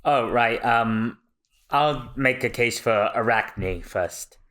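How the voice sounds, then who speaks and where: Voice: medium pitch, slow, fairly bright tone. A podcast co-host making a case in casual chat, laughing along.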